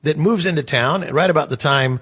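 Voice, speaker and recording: A man chatting casually as a co-host, telling animated stories and acting out the people in them. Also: on the high side, brisk, slightly rough. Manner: animated, acts out voices in his stories. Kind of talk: casual storytelling chat.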